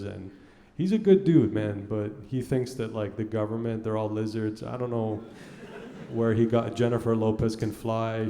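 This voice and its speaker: A man's voice: mid-range voice, mellow, reverberant. A man in his thirties doing a stand-up comedy set on a theater stage, talking casually and profanely and acting out his dialogue. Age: 30s. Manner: conversational, profane, acts out dialogue.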